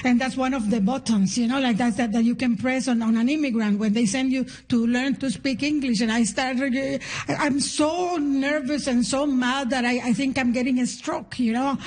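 High-voiced Nicaraguan woman doing stand-up. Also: normal speed. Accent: Nicaraguan Spanish. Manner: animated, playful, chants and shouts punchlines. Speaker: stand-up comedian. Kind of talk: stand-up comedy set. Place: comedy stage before a live audience.

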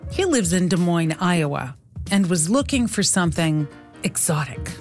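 A female reporter reading a scripted news feature in a measured storytelling delivery. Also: fairly low pitch, very animated, a little mellow, faint music behind.

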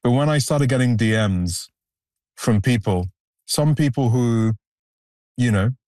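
A man's voice: medium pitch, animated, measured pace, darkish tone, no room sound. A male photographer answering interview questions in an earnest, reflective way, stressing key points. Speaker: photographer, guest.

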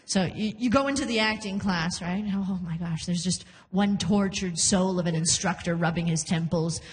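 A woman performing a stand-up comedy set on a club stage, animated and laughing through her punchlines. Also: lowish voice, normal speed, big-room sound.

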